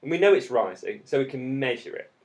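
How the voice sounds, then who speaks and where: A man's voice: mid-range voice, animated, fairly quick. A man in his thirties who teaches geography, explaining step by step with jokes in a casual podcast. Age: 30s.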